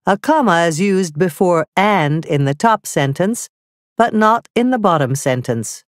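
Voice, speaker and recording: A woman narrating a scripted grammar lesson, reading slowly and carefully with clearly spelled-out examples. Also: fairly low pitch, lively intonation, dry recording, studio quality. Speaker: teacher.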